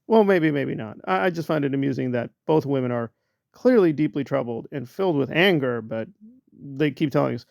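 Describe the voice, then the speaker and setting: A man hosting a sarcastic, comedic commentary, mocking his subjects with drawn-out emphasis. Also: on the high side, creaky, no room sound, clean studio sound. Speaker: commentary channel host.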